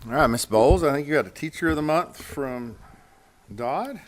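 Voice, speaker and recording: A man's voice: on the high side, expressive, normal speed, slight background noise. A man presiding over a school board meeting, brief and businesslike. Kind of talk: running a meeting agenda.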